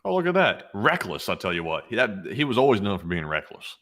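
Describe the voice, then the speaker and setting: A man's voice: on the low side, very animated, quick pace, fairly bright tone. A man co-hosting a live stream, reading out viewer donations and messages with jokey asides in a casual way.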